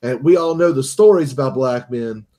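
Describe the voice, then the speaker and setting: A man's voice: medium pitch, normal speed, mellow. A man on a podcast telling a crude, joking story with plenty of profanity, acting out what his friends said. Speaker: podcast co-host. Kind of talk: casual storytelling chat.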